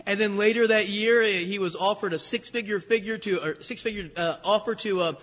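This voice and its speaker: A male pastor preaching a sermon with animated storytelling and conversational asides. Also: high-pitched, brisk. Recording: echoey hall with long reverb.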